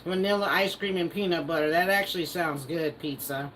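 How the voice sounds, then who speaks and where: A woman's voice: lowish voice, brisk, a bit bright, a little hiss or hum, rough recording. Woman, livestream host, casual comment-reading chat, teasing, laughs a lot. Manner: playful, teasing, laughs often.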